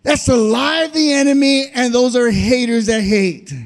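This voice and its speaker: High-pitched shouting preacher man. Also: fairly even intonation, moderate pace. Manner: preaching with frequent "uh" and shouted, sing-song peaks. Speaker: pastor. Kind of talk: sermon.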